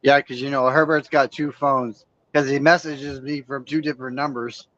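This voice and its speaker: A man co-hosting a live show, making quick, chatty asides over a muffled, lo-fi line. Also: mid-range voice, steady tone, fairly bright tone.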